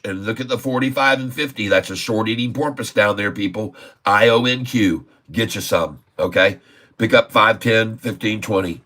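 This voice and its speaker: Lowish and a little bright, this man's voice carries his stock trading livestream. His market commentary is casual yet emphatic, full of repetition and repeated nods to "folks."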